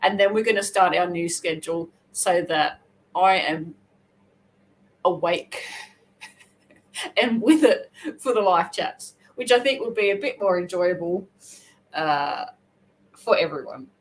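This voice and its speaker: An Australian woman hosting a casual crochet livestream, chatting and rambling with quick self-corrections. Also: on the low side, low-quality recording. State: hair wet, just out of the shower. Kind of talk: casual live chat.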